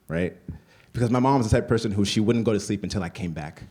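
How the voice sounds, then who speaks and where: A man's voice: on the low side, lively intonation, brisk, darkish tone. A man telling a personal story on stage in a chatty, filler-heavy way. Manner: conversational, full of "like" fillers. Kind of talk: live comedic storytelling.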